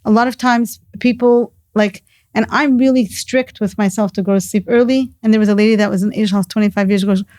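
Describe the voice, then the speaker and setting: A woman's voice: mid-range voice, fairly even intonation, fast, darkish tone, no room sound. A middle-aged woman talking earnestly in a casual conversation, telling stories and mixing in Hebrew and Yiddish words. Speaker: guest, mother of the host.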